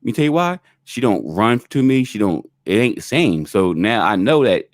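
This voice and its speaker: Man co-host, lowish voice, frank and profane casual chat, dry sound. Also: very animated, moderate pace, no room sound. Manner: frank, profane, repeats himself in emphatic asides.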